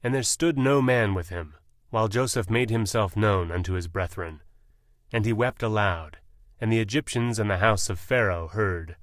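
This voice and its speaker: A man narrating a scripture audiobook in a slow, measured, solemn reading style, close on the mic. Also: fairly low pitch, no room sound.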